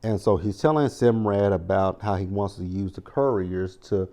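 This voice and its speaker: Man, low voice, warm tone, casual recap vlog, rambling asides. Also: moderate pace. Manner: chatty, rambling, full of "like" and asides. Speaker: TV show recap vlogger.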